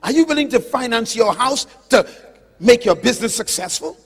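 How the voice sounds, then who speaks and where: A man preaching with a high, lively voice that leaps between soaring declarations and low, drawn-out words. He puts pointed questions straight to his listeners. His voice rings with long reverb through a large auditorium. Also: breathy edge. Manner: impassioned, emphatic, swings from loud declarations to low slow drawn-out words; addresses listeners directly with questions. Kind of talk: sermon.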